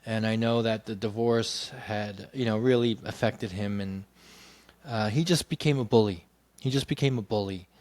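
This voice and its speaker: A man's voice: fairly low pitch, normal speed, a little mellow, dry recording. A man telling his life story in a candid, rambling monologue, full of 'you know' fillers and casual swearing.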